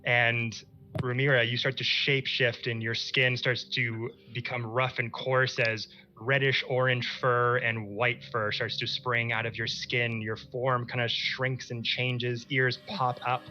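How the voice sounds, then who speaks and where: A man narrating a tabletop game as dungeon master, describing scenes in slow, descriptive narration. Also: mid-range voice, little pitch movement, pushed and bright, dull audio.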